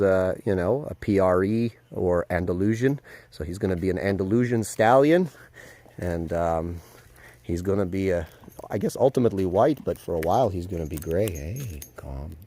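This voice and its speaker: Guy vlogging outside by his paddock on his phone, low mellow voice, chatty and excited, lots of ums. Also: no room sound. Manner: excited, chatty, filler-heavy. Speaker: vlogger, dog trainer. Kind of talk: casual vlog to camera. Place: outdoors at a horse paddock.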